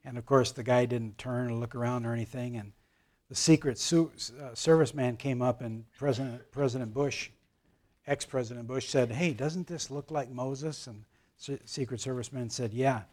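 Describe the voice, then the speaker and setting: A man teaching a Bible class, telling jokes to older listeners in a halting manner full of fillers and restarts. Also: mid-range voice, steady tone, darkish tone. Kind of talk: joke-telling Bible lesson.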